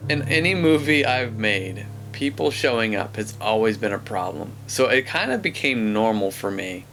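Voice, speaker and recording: A man's voice: lowish voice, animated, normal speed, fairly bright tone, slight background noise. A man, a filmmaker interviewee, telling a casual anecdote in a rambling way full of fillers. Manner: rambling, filler-heavy storytelling.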